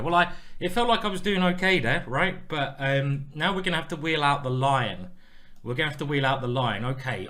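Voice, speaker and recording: A man commentating live on his own blitz chess games in a playful, self-mocking and excitable way. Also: on the high side, fairly quick. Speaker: chess streamer playing a blitz match.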